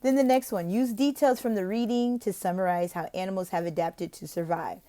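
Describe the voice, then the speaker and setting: A woman from the United States explaining how to teach online English lessons, switching between casual advice and slow, exaggerated teacher talk. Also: medium pitch, warm tone. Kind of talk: instructional vlog with role-played teaching examples.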